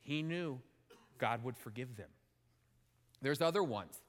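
A man preaching a sermon in an animated, emphatic way, often asking his listeners questions. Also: mid-range voice, unhurried. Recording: long hall reverb.

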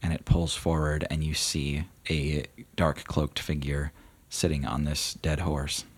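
A man narrating as game master of a tabletop game, relaxed and full of fillers. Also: rumbling low, measured pace, husky.

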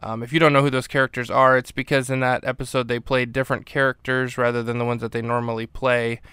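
A man's voice: medium pitch, fast talker, smooth, dry recording, studio quality. A man hosting a podcast, giving a casual, rambling recap of a TV episode with frequent fillers. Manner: relaxed, rambling with many fillers. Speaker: podcast host.

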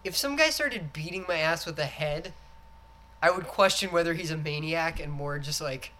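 Bright-voiced man in animated casual chat. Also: a little high, moderate pace, slight background noise. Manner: animated, swearing, acts out movie lines. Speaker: podcast co-host.

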